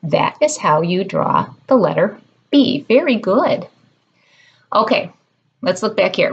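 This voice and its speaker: A woman preschool teacher leading a children's circle-time lesson in a slow, sing-song teacherly way. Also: medium pitch, sing-song, creaky, husky, dull audio.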